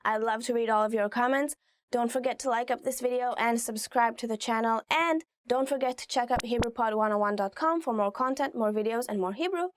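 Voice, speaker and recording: A woman's voice: fairly high pitch, brisk. Chatty young woman teaching phrases. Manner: chatty, filler-heavy with frequent "like". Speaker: language teacher and host. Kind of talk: casual language lesson.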